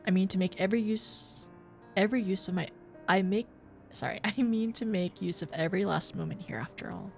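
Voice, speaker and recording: A woman voicing an earnest, composed teenage girl, reading game lines in a calm, gently formal way. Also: mid-range voice, brisk, creaky, faint music behind, pitched below the performer's own voice, natural voice. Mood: gentle.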